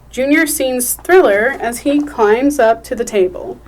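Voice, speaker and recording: A woman hosting a podcast, chatting and reading stage directions in a friendly, clear way. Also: a little high, a little slow, few pauses. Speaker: podcast host.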